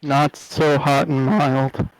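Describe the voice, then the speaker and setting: A man co-hosting a casual podcast who speaks in an unhurried, matter-of-fact way. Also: mid-range voice, little pitch movement, rough recording. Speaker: podcast co-host. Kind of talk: casual chat.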